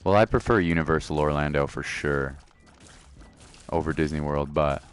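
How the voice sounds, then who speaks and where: A man's voice: very deep voice, moderate pace, slight background noise. A man streaming a video game, chatting casually and laid-back with his viewers. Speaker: gaming streamer. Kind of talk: casual live-stream chat.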